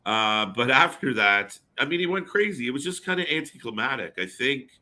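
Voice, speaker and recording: A man with a mid-range, sharp-toned, animated voice co-hosts a live wrestling watch party stream. He chats casually, using fillers and reacting quickly.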